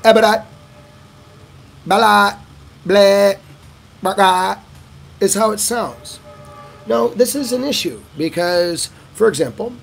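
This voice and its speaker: A middle-aged man giving casual advice in a Q&A monologue, animated and swearing, acting out conversations. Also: gravelly, slightly rough. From United States. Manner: animated, swearing, acting out dialogues with lively shifts in pitch and pace. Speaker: vlogger giving advice on living in Vietnam.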